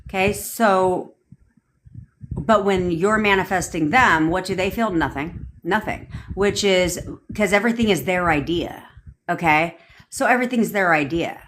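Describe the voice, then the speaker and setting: A manifestation coach rants on a phone livestream, answering viewer comments bluntly and profanely while firing rhetorical questions at them. Her voice is lowish and a bit bright, a little slow, with slight background noise.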